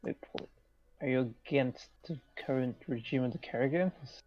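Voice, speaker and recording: A man's voice: medium pitch, normal speed, dull audio. A man playing in a tabletop game who talks in an exasperated, swearing, playful way. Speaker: player.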